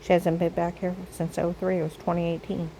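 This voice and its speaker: A woman's voice: on the low side, flat delivery, brisk, mellow, slight background noise, low-quality recording. An older woman telling a rambling personal story straight to camera, circling back and repeating herself. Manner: repetitive storytelling. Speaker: vlogger.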